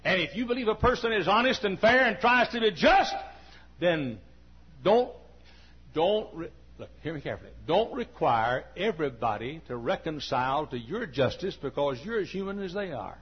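A man preaching a sermon as pastor, dropping to quiet confiding talk and rising to shouted peaks. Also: fairly high pitch, lively intonation, normal speed, husky. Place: church. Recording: dull lo-fi recording.

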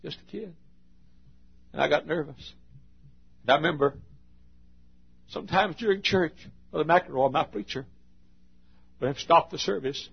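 A gravelly, husky-voiced middle-aged man preaching with fierce intensity. He swings between booming declarations and hushed, confiding stretches. The recording is dull and lo-fi. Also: normal speed, pauses often. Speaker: pastor. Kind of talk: sermon.

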